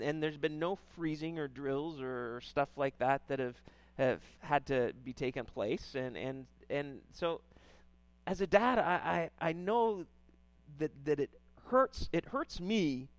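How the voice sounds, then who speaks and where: A man's voice: on the high side, dry recording. A middle-aged male pastor preaching a sermon in a loose, conversational way, often checking in with "right?" and repeating words as he goes.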